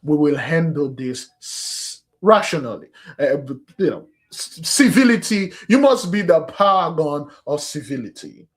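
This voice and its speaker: A man's voice: a little high, lively intonation, unhurried, few pauses. A man giving a spiritual teaching, speaking emphatically, calling his listeners "beloved" and slipping into street slang. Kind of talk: preaching address on a fasting day.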